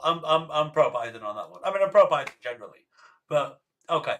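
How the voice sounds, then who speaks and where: A man reacting to clips in loose, chatty commentary. His voice sits a little high, and he often stumbles and restarts his sentences. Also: expressive, a bit bright, recorded from a distance. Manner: chatty, halting, stammering restarts. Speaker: streamer commentator.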